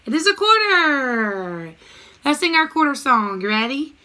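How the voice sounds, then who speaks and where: Over a computer mic, a woman with a bright, slightly high voice teaches young children math. Very animated at a measured pace, she uses a cheerful sing-song and slips into short rhymes for the class.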